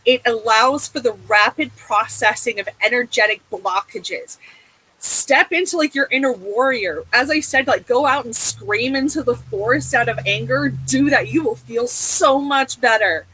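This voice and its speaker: A woman's voice: fairly high pitch, moderate pace, bright, forceful tone, breathy edge, rough recording. A woman giving a tarot reading in a casual, emotive way, swearing often and checking in with a soothing "okay?". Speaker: tarot reader.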